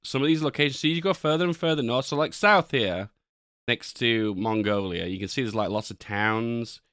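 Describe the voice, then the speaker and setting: A man's voice: lowish voice, fairly bright tone, smooth, no room sound, studio quality. A man who reacts to a travel video and thinks aloud, asking himself questions as he goes. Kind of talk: casual commentary over a video.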